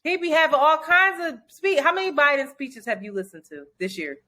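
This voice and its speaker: A woman co-hosting a casual podcast chat, animated and cursing freely, slipping into quoted voices. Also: high-pitched, brisk. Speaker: podcast co-host.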